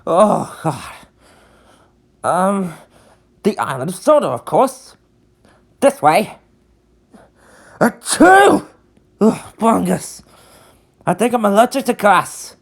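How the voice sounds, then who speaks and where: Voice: medium pitch, animated, slow pace, long pauses. A performer voicing a carefree, beach-loving young male conductor in a fan redub, with a laid-back, slangy delivery.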